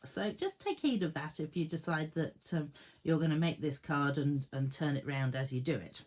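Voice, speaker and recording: A woman's voice: deep voice, expressive, normal speed, a little mellow. A woman demonstrating card making in a casual tutorial at her home craft desk, chatting to herself and her tools and laughing at her own jokes.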